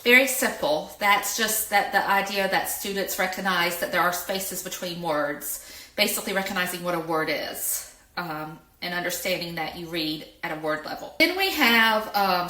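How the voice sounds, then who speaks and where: Bright-voiced woman teaching in echoey room. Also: on the low side. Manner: patient, stretches words out when demonstrating. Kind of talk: explanatory lesson.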